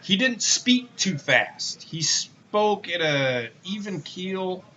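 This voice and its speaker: A man chats casually as a podcast co-host, his bright, lively voice swinging up and down as he jokes and swears. The sound is dull and lo-fi. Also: sits high, slow. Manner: laid-back, profane, laughs often. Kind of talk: casual wrestling rewatch chat.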